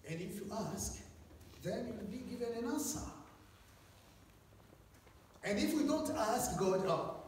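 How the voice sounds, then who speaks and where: A man preaching a sermon in a church hall, swinging between loud animated passages and hushed ones. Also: high-pitched, moderate pace, long pauses, slight background noise. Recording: echoey church hall, mic from far off.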